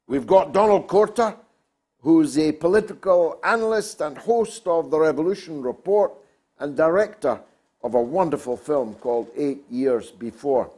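A man's voice: fairly high pitch, expressive, normal speed, warm tone. A man hosting a talk show, delivering an emphatic, oratorical monologue.

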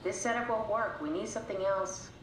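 Woman playing a calm soothing woman, measured and coaxing, roomy game audio, ambient noise. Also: mid-range voice, close to an everyday voice. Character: calm woman soothing a scared test subject.

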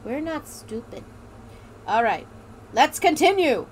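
A woman's voice: high-pitched, sing-song, takes it slowly, slight background noise. A woman hosting a let's play, joking around and reading game text aloud in a put-on drawl. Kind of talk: casual gameplay commentary.

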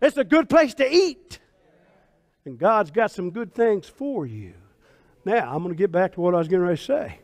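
A man in his sixties preaching a sermon as pastor, folksy and fervent, swinging from hushed talk to shouts. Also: high-pitched, sing-song, normal speed, no echo. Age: 60s.

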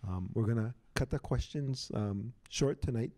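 Brief: male moderator, warm dark tone, relaxed. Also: mid-range voice, moderate pace. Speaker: event moderator. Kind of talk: hosting a talk.

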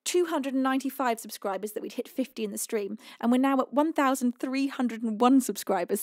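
Gushing high-voiced woman streamer. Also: a little mellow, dry recording, clean studio sound. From United Kingdom. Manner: effusive, affectionate. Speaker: live-stream music host. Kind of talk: casual live-stream chat.

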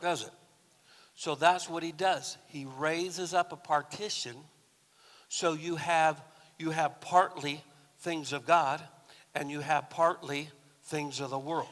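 A pastor giving a sermon in a conversational, storytelling way with touches of humor, recorded in a church. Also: male voice, on the high side, fairly bright tone, big-room sound. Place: church sanctuary.

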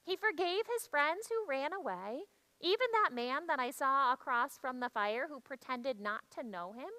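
A woman shares a church story as a first-person dramatic monologue, speaking in a hushed, reflective way. Her voice sits high and sounds bright and clear. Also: expressive, moderate pace, rough recording.

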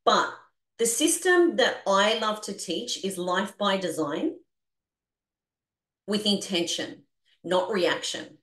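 Energetic Australian woman coaching a video call. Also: medium pitch, takes it slowly, long pauses, reverberant. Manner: energetic, animated, coaxing the group along. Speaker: business coach.

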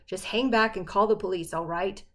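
A woman's voice: medium pitch, moderate pace, fairly bright tone, lightly acted. Brief: tense, stern mom, read by a woman, firm and worried, audiobook. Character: worried, stern middle-aged mother.

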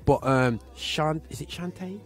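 A man's voice: fairly high pitch, a little slow, faint music behind. A man with a Birmingham accent hosting a gospel show, chatting casually in a rambling, slangy way that is full of filler phrases. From Birmingham, England. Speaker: show host.

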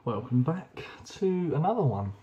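A man's voice: on the high side, very animated, normal speed, dark tone, highs cut off. A young man chatting casually and enthusiastically while reviewing beers, rambling with plenty of ums. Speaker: beer reviewer. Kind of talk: casual beer review vlog.

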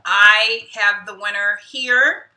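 A woman's voice: mid-range voice, fairly even intonation, slow pace, sharp tone, slight background noise. A woman hosting her own live stream in casual chat, self-deprecating and muttering asides to herself. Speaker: YouTube host. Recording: roomy echo, mic at a distance.

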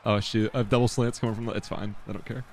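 A man's voice: fairly low pitch, steady tone, fast, vocal fry, a little mellow, slight background noise. A young man muttering casual commentary to himself while streaming a football video game, self-deprecating and swearing.

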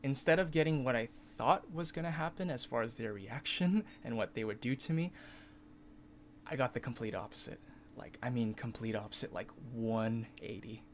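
Young male streamer, mid-pitched, chatty and profane, bursts into loud disbelief; light hiss behind. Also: normal speed. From California. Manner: animated, swings into loud incredulous outbursts; swears freely, filler-heavy. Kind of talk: casual storytelling on a livestream.

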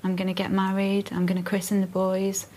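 A woman's voice: mid-range voice, completely flat delivery, a little fast, warm tone, a little hiss or hum. A woman in a documentary interview, steadily recounting events in a matter-of-fact way. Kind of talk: emotional interview recollection.

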